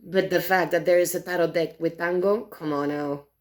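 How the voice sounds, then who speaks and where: A woman reviewing tarot decks in casual chat, animated and exasperated, swearing freely and talking with many fillers and restarts. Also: fairly low pitch, normal speed.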